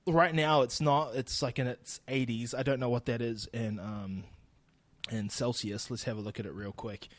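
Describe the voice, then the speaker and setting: A man's voice: medium pitch, steady tone, moderate pace, no room sound. Young kiwi guy ranting on his podcast, swears a lot, dry close mic. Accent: New Zealand. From New Zealand. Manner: blunt, sweary, laughing asides. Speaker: podcast host. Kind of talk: solo podcast rant. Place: home recording in Austin.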